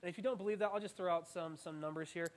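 Young male preacher, high-pitched, animated and playful, leading the crowd in call-and-response. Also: racing. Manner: animated, playful, self-mocking asides. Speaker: student preacher. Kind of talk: interactive sermon.

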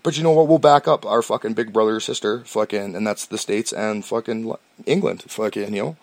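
Man from Canada, rapid stoned rambling, constant swearing, low voice, dry close sound. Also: darkish tone, no echo. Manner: profane, rambling, stammering restarts. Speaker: podcast host. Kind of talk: rambling casual monologue.

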